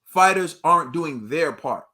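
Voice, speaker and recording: A man's voice: a little high, lively intonation, a little slow, pushed and bright. An American man hosting a boxing show, ranting to his viewers in an emphatic, slangy way. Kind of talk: animated commentary rant.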